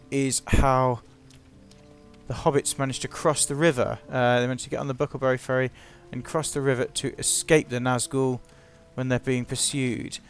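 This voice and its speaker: A man giving casual, playful, self-mocking commentary while narrating his gameplay. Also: mid-range voice.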